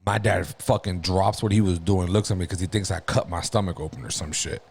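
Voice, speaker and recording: A man on a podcast telling a story in a casual, profane, animated way, laughing through it. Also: deep voice, fairly quick, gravelly, slightly rough. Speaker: podcast co-host.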